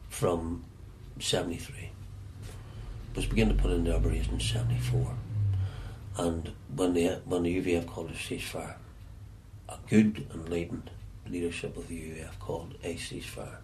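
Deep-voiced Northern Irish man, halting. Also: flat delivery, darkish tone, slight background noise. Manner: halting, repeats words as he searches for them. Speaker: interviewee recalling his past. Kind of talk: reflective storytelling.

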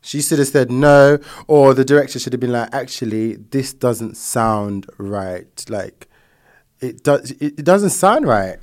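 A man's voice: mid-range voice, moderate pace. Blunt, emphatic man ranting. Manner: emphatic, blunt, swearing freely. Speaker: podcast guest. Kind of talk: casual chat.

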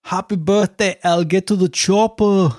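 A man putting on a solemn, older male German filmmaker with a put-on German accent, in a high thin voice. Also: steady tone, measured pace, darkish tone. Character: impression of a famous German film director, male, older, solemn.

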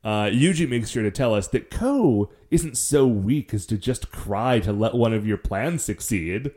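A man's voice: lowish voice, expressive, a little slow, a little mellow. A male podcast co-host recapping a story in casual chat, with dry teasing asides and "like" fillers.

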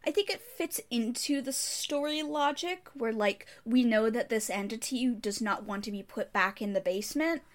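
A woman's voice: on the high side, normal speed, hardly any pauses. A woman co-hosting a book-club podcast in casual chat, walking through a story summary and firmly explaining her view. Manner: summarizes at length, then pushes back firmly in debate. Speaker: podcast co-host.

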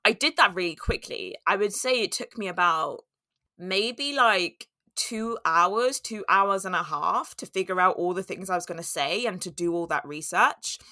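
A woman's voice: fairly low pitch, animated, moderate pace, sharp tone, no echo, studio quality. A woman, hosting a podcast and talking through her own story in a candid, storytelling way. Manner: candid and storytelling, with laughs and acted-out inner voices. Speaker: podcast host. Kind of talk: reflective solo talk.

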